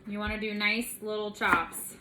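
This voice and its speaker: A woman's voice: medium pitch, little pitch movement, moderate pace, heavy background noise. A woman hosting a casual home cooking video, chatty and bubbly with playful asides, in her home kitchen.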